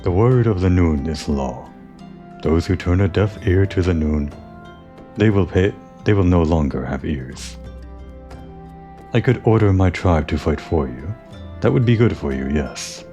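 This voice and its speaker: A man's voice: deep voice, animated, unhurried, warm tone, faint music behind. A man reading out the lines of a proud, distrustful female tribal chieftain from a game, in a formal, solemn manner. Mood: stern. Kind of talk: reading game dialogue aloud.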